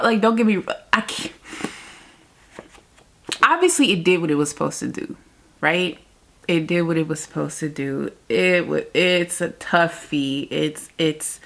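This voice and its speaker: A woman talks casually to her viewers in a reading vlog, rambling and exasperated and laughing often. Her speech is slow and unhurried, and her voice is fairly low with a gravelly fry. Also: a bit bright. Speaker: book vlogger.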